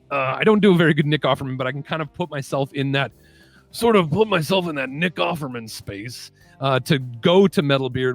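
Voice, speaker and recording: A man's voice: a little high, no echo. A young man chatting casually and self-deprecatingly as the host of a voice-impression video. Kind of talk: casual chat.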